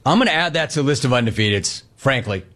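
A man's voice: medium pitch, animated, fast talker, fairly bright tone. Emphatic radio host man. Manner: emphatic, repeats lines for punch. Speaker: sports talk radio host. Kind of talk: sports talk radio monologue.

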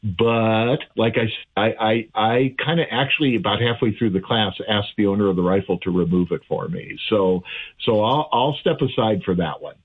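A husky-voiced man talks over a thin, phone-like remote line. He is an audiologist guest on a radio show, friendly and rambling, trailing off into "uh" and restarting his sentences. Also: on the low side, normal speed. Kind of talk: casual radio chat. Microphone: remote call.

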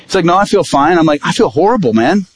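A man preaching as an evangelist, telling a personal story in a lively sermon style and acting out what people said. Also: on the high side, quick pace, breathy edge, no echo. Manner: vivid storytelling, acting out quoted dialogue.

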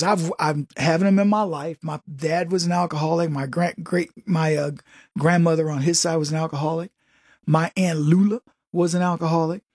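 A man's voice: high-pitched, slightly rough, dry recording, clean studio sound. A man delivering a sarcastic, folksy political commentary monologue full of joking asides.

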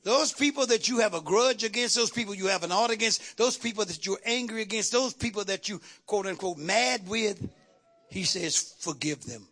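A woman preaching a sermon with emphatic call-and-response that builds into shouts, with playful asides and punchy repetition. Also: mid-range voice, moderate pace, faint music behind.

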